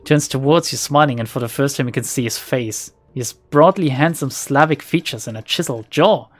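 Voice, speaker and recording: A woman's voice: a bass voice, brisk, soft background music. A woman streamer giving casual, jokey commentary on a video game she plays, reading narration and laughing at herself. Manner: jokey, self-mocking, often laughing. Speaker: let's play streamer.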